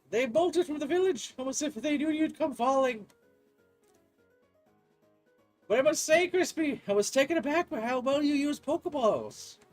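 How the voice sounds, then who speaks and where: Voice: high voice, voice pushed up. A player doing a chatty genteel professor. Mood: earnest. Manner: polite old-fashioned phrasing, earnest and talkative. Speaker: gaming video creator. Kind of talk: reading game dialogue aloud in a put-on voice.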